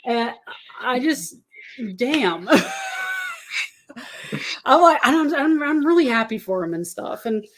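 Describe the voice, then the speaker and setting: A woman's voice: high voice, animated, takes it slowly, long pauses, slight background noise. A woman from the Kansas City area chatting casually as a podcast guest, rambling and laughing often. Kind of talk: casual chat about football.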